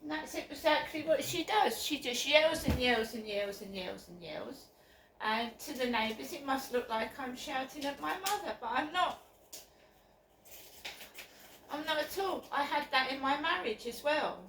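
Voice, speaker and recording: A woman's voice: high voice, animated, normal speed, far from the mic. A woman filming a personal vlog on her phone, talking in an upset, insistent and repetitive way. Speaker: vlogger. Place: outdoors by her flats. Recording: echoey, off-mic with faint background noise.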